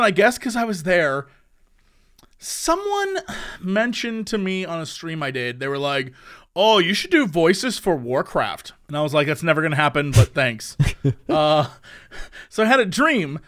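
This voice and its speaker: A young man with a notably high voice chats casually on a podcast, bursting into laughter as he tells his stories. He is lively and animated, throwing in loud, silly catchphrases. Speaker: podcast co-host. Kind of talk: casual chat, storytelling.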